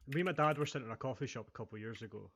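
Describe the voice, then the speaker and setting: A man's voice: mid-range voice, very fast, a crowd in the background. A man with a Scottish accent telling stories in a casual podcast chat, with lots of ums and uhs. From Scotland. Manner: relaxed storytelling with many fillers. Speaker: podcast co-host. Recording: dull lo-fi audio.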